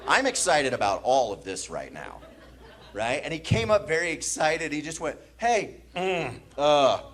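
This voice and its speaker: A man's voice: on the high side, brisk. A man from the American Midwest doing a stand-up comedy set on a club stage, acting out the strangers in his stories. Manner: animated, acts out drunk strangers with mumbling voices. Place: comedy club stage before a laughing audience.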